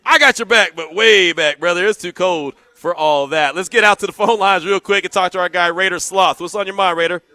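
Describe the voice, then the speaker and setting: High bright-voiced male radio host. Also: fairly even intonation, fairly quick, hardly any pauses, no room sound. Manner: chatty, joking asides. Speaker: radio sports talk host. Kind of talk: casual radio chat.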